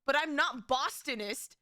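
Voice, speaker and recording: Speaking a little slowly in a high, sharp-toned voice, a young VTuber streamer rambles and giggles through casual chat with her live viewers, frequently stopping to fix what she said. The studio sound is clean with no echo.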